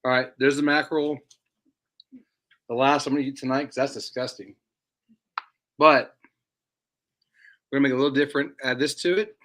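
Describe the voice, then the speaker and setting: A man's voice: medium pitch, steady tone, a little fast, long pauses, fairly bright tone. A man hosting a casual livestream, rambling and repeating words as he talks. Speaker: livestream host.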